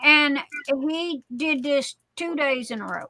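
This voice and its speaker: A woman's voice: high-pitched, expressive, takes it slowly, sharp tone, poor audio. A woman in casual chat telling a personal story, blunt and salty, rambling with many fillers and restarts.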